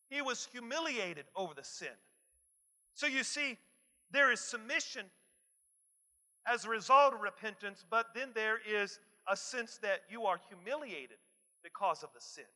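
A man preaching a sermon emphatically, repeating key phrases and swinging from soft asides to shouts. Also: very high voice. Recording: long hall reverb.

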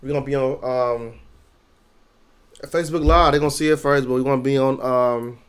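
A man's voice: medium pitch, fairly even intonation, brisk, clear, resonant tone. Laid-back, blunt man co-hosting a podcast. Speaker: podcast co-host. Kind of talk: casual chat.

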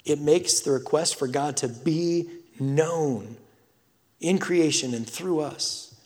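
A pastor giving a sermon, telling a story with emphatic swells and hushed drops. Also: male voice, a little high, slow pace, big-room sound.

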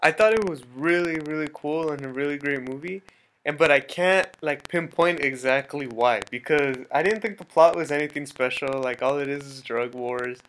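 A man's voice: a little high, normal speed, fairly bright tone, a little hiss or hum, poor audio. A young man co-hosting a podcast, talking casually and thinking aloud with some hesitation. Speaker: podcast co-host. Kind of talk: casual chat.

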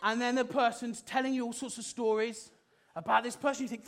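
A man delivers a sermon in a notably high voice for a man. He preaches with passion, rising to loud exclamations and then dropping to a hushed intensity. His voice lifts and falls all through the message. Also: little pitch movement, brisk.

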